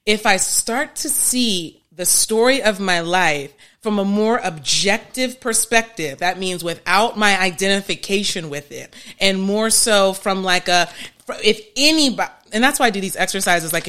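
A woman's voice: medium pitch, animated, normal speed, a bit bright. A woman therapist teaching on a live stream, emphatic, often restarting sentences and laughing at herself.

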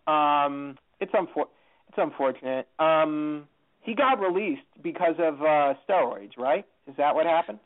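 A man's voice: fairly high pitch, expressive, a little slow. A man talking as a podcast guest in casual chat, rambling and restarting often. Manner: rambling with many restarts and fillers. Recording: tinny phone-like line.

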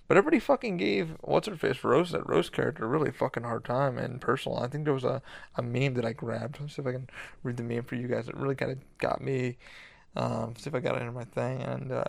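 A man hosting a podcast, talking in a rambling, excitable way and swearing a lot. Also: medium pitch, fairly quick, vocal fry, no room sound. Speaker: podcast host. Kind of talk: casual monologue.

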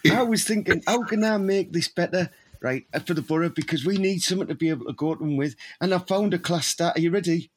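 A man's voice: high-pitched, fast, hardly any pauses, husky. A man, rambling and laughing through crude comic banter as a podcast co-host.

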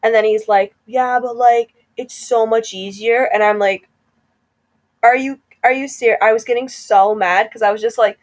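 A woman's voice: a little high, steady tone, normal speed. Chatty young woman chiming in. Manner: chatty, quotes people, chimes in with laughs. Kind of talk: casual storytelling chat.

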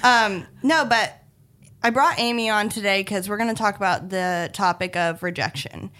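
Woman, young adult, podcast host, casual chat, friendly and teasing, mid-pitched voice. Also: moderate pace, a bit bright.

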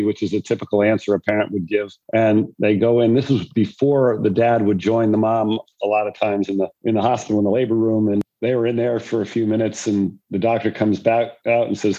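A man's voice: on the low side, steady tone, brisk, few pauses, warm tone, muffled recording. An older man, a former pro golfer, telling rambling anecdotes about fatherhood in a conversation. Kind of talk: storytelling in a conversation.

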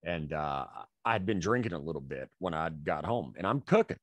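Lively, profane man telling stories. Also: very deep voice, moderate pace, no echo. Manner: profane, rambling, animated storyteller. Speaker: podcast co-host. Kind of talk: casual storytelling chat.

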